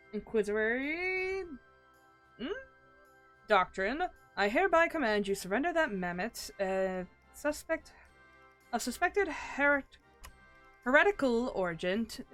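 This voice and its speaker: A woman's voice: a little high, a bit bright. Woman voices a stiff, formal male inquisitor; commanding and exasperated, with faint music behind. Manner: formal, commanding legal phrasing.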